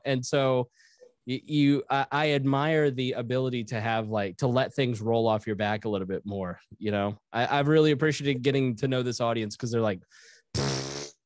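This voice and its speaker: A man's voice: mid-range voice, no room sound, clean studio sound. A man hosting a podcast in casual chat, talking reflectively and often laughing. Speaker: podcast host.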